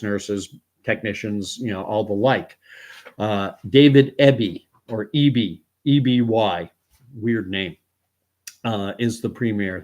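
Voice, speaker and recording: A man's voice: on the low side, a little mellow, lo-fi sound. A man in his fifties, from Canada, hosting a casual live stream of news commentary, rambling with many fillers and chuckles. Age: 50s.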